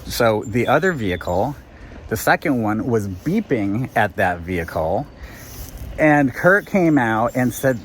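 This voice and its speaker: A man of middle pitch hosting a casual vlog from his guesthouse, talking in an easy, chatty way. He tells his stories with lively animation and laughs as he goes. A faint hum of noise sits under his voice. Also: measured pace. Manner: chatty, animated storyteller who laughs mid-story. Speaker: guesthouse owner and vlog host.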